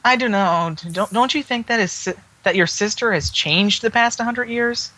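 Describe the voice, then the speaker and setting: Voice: medium pitch, moderate pace, sharp tone, close to an everyday voice, low-quality recording. A speaker reading a young male dragon from a comic aloud, stumbling now and then. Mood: doubtful. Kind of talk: casual comic read-along.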